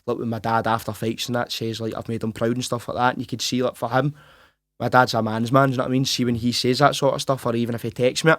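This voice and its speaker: A young Glaswegian man in his twenties talks in a quick, tumbling rush. He stays on a narrow, even pitch, restarts his sentences and keeps saying "mate". The recording is close and dry. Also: dry recording. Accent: Glaswegian Scottish. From Scotland. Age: 20s. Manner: rapid and earnest, full of restarts and "mate". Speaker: professional boxer, guest. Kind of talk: casual interview chat.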